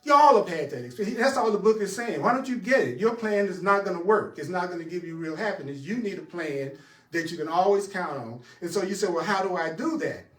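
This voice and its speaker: A man with a notably high voice leads a spiritual teaching session. He speaks emphatically and laughs often as he addresses his listeners directly. The sound is roomy and echoey. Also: expressive, brisk, a bit bright, recorded from a distance. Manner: emphatic, laughing, talks straight to the audience. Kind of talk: teaching a class.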